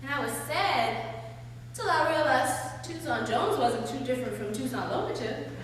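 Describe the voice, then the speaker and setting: A woman performing a theatrical dramatic monologue in an art gallery, telling the story in lively vernacular speech and laughing between lines. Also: high-pitched, normal speed, natural voice. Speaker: stage performer. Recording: echoey gallery hall, far-off mic, faint room noise.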